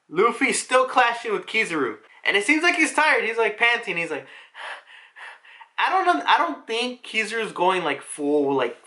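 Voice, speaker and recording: Animated, bright-voiced young man recapping. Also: sits high. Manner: rambling, filler-heavy, swears freely. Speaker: manga reviewer. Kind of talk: casual chapter recap.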